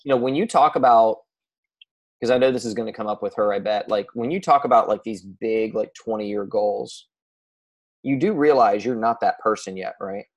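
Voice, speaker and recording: A man's voice: lowish voice, normal speed, muffled recording. A man coaching a client on a casual call, blunt and swearing freely, with many restarts.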